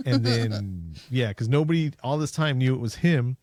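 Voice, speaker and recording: A man co-hosting a podcast, casually recapping a movie plot with jokes and quick acted-out lines. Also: mid-range voice, lively intonation, a little mellow, no room sound, clean studio sound. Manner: jokey, acts out scenes in quick voices. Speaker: podcast co-host.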